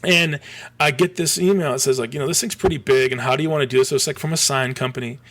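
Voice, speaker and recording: A man in his forties from Michigan, telling a rambling story as a podcast guest, full of restarts and animated asides. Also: mid-range voice, quick pace. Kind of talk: casual storytelling.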